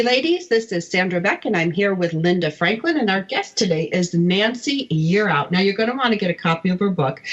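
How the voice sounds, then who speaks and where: A female radio host opens the segment in a chatty, upbeat tone, moving quickly between introductions and questions. The sound is dull and lo-fi, typical of a radio broadcast. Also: medium pitch. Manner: chatty, upbeat, apologetic laughter. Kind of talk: radio show hosting.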